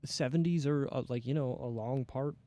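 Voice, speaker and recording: A man hosting a casual TV review podcast, animated and swearing casually as he talks. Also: medium pitch, moderate pace, dry recording. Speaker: podcast host.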